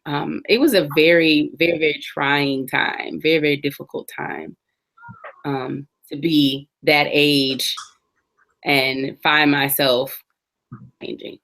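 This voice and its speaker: Guest, woman in her forties, low, warm-toned speaker, earnest and reflective, telling her life story. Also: flat delivery, slow pace, creaky. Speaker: interview guest. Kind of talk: personal testimony in an interview.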